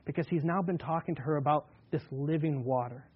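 Conversational male pastor, slightly high, muffled. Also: a little fast, husky. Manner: conversational preaching, reads scripture with emphasis. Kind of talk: sermon.

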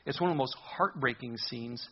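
A man's voice: mid-range voice, moderate pace, slightly rough, highs cut off. A man preaching a sermon as a pastor, earnest and conversational in his delivery.

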